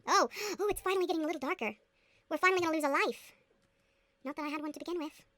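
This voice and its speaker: In casual game commentary, a woman who runs a gaming booktube channel rattles along at a rapid-fire clip in a high, bright, forceful voice. She giggles, chats to herself while playing, and sometimes drops into a jokey mock accent.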